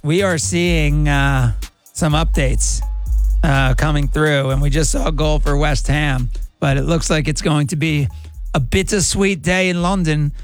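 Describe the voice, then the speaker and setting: A man hosting a casual sports podcast, relaxed and chatty as he gives live match updates and trades takes. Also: fairly high pitch, measured pace, faint music behind. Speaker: podcast host.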